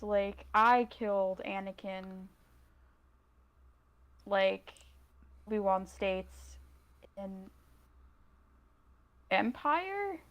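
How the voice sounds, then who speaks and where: Casting: woman co-host, mid-pitched, chatty and filler-heavy casual talk. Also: dull audio. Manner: chatty, heavy use of "like", trails off. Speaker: podcast co-host. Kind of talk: casual fan podcast chat.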